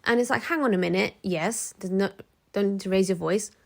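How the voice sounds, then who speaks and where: Chatty woman vlogging, blunt and animated, acts out people she quotes, mid pitch. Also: fairly quick, gravelly. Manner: frank and chatty, many restarts. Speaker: motivational vlogger. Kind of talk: casual talk to camera.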